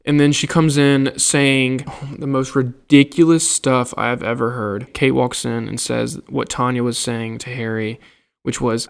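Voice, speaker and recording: Young man, college student, casual storytelling, animated, exasperated, swears a lot. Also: medium pitch, measured pace, gravelly, clean tone. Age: young adult. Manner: animated and exasperated, swears freely, acts out what others said.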